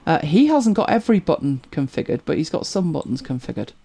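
A woman's voice: low voice, sing-song, quick pace, gravelly, mellow, husky. A British woman co-hosting a casual live stream, rambling through forum posts and viewer comments, humming to herself and chuckling as she goes.

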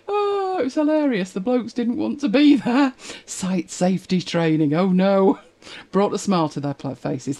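A woman hosts a live stream, reading viewer comments and drifting into stories of her own. Her pitch swings widely and she laughs often. The whole thing sounds like an easy, casual chat. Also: darkish tone. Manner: chatty storyteller, laughs often.

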